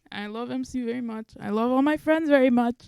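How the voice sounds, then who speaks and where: A woman's voice: high-pitched, normal speed, creaky, a little mellow, clean tone, no echo, clean studio sound. A woman at a live event thanking her friends, on the verge of crying and laughing through it. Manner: tearful, gushing thanks. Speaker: event participant.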